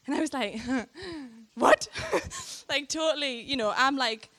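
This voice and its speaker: A young woman shares her testimony with a church crowd, laughing often and acting out the lines she quotes. Her voice sits a little high. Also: normal speed. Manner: animated storytelling, frequent laughter, acts out quoted lines. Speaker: speaker sharing a testimony. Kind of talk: personal testimony to a church audience.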